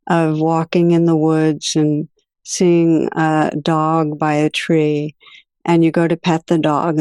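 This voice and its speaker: A woman giving a reflective meditation teaching talk, telling stories gently with soft, unhurried pauses. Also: sits low, no echo, studio quality.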